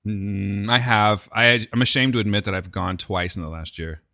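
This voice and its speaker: A man's voice: lowish voice, moderate pace, pushed and bright. A man co-hosting a podcast, bantering in casual chat with dry teasing jokes. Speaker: podcast co-host.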